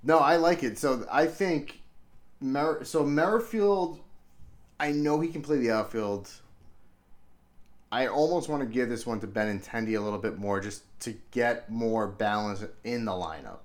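A man co-hosting a casual sports podcast, thinking aloud in a relaxed way. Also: medium pitch, measured pace. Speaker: podcast co-host.

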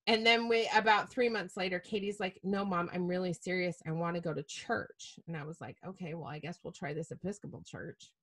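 Middle-aged lady with a low voice, chatty guest spilling a story, swears, laughs at herself. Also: a little fast, few pauses. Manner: animated, self-mocking storyteller who swears casually. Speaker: podcast guest. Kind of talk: storytelling in a casual interview.

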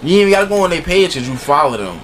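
A man's voice: on the high side, very animated, very fast, background noise. A man co-hosting a casual podcast, teasing and arguing in profane banter. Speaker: podcast co-host. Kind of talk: casual chat.

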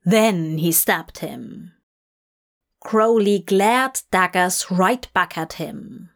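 A woman narrating a fan audiobook in a measured storytelling voice. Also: on the low side, lively intonation, vocal fry.

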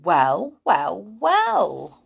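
A woman voicing a queer little male wizard in a storybook, loud and pompous. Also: lowish voice, huge pitch swings, drawn-out words, vocal fry, breathy edge, full character voice.

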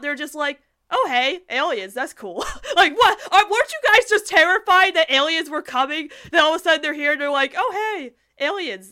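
A woman's voice: high-pitched, bright, forceful tone. A young woman co-hosting a casual podcast chat, giggling often and rambling with lots of fillers. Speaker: podcast co-host. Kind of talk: casual chat reviewing a cartoon episode.

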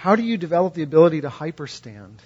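A man preaching a sermon as a pastor, talking conversationally and acting out quoted voices, his pitch climbing when he gets impassioned. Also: lively intonation, racing, darkish tone, slightly rough. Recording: dull lo-fi recording.

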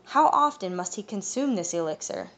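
A woman reading the measured, knowing lines of a calm fae elder man in an audiobook. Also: mid-range voice. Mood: concerned.

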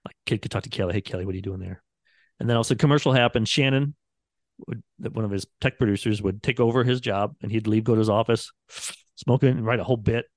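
A man's voice: on the low side, darkish tone, dry recording, clean studio sound. A man, a radio producer chatting casually on a podcast and acting out quotes from the people in his stories. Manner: rambling storyteller, acts out quotes.

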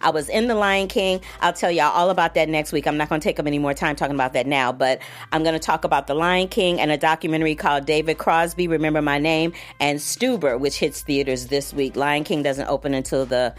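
A woman's voice: deep voice, fairly quick. A woman hosting a film critic show, talking emphatically and straight to her viewers in a casual chat. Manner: emphatic, animated, talks straight to the audience.

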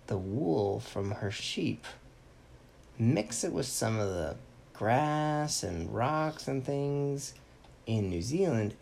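A man's voice: medium pitch, creaky, darkish tone, slight background noise. A man doing a friendly wise ninja teacher. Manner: knowing, explanatory, upbeat.

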